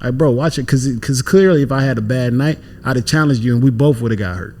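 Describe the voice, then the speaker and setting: Young man, podcast guest. Lively storyteller who acts out quotes. Mid pitch, studio mic. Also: fast. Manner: animated storyteller, acts out quotes, swears freely. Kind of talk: casual storytelling.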